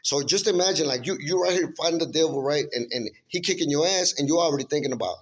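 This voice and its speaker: A man's voice: a little high, fast, few pauses. Earnest, rambling man with a raised voice. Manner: earnest, rambling, many restarts and "you know what I'm saying"; emphatic, informal storytelling. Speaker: speaker recounting a spiritual vision. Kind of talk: casual spoken testimony.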